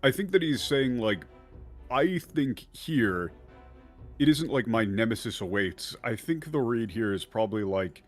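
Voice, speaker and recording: A man's voice: mid-range voice, animated, unhurried, faint music behind. A man on a casual game stream, thinking aloud and weighing how to translate lines. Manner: thinking aloud, hedging with fillers.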